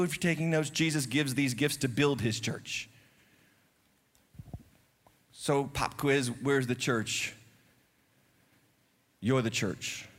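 A man preaching a sermon as pastor in a church, rising to loud emphatic peaks and dropping to quiet teaching. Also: medium pitch, in a large hall. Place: church sanctuary.

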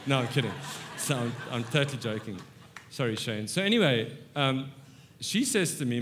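A man in his fifties preaching a humorous sermon with stories, animated and self-mocking, moving between soft asides and excited bursts. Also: mid-range voice, moderate pace, a little hiss or hum. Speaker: guest preacher. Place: church sanctuary.

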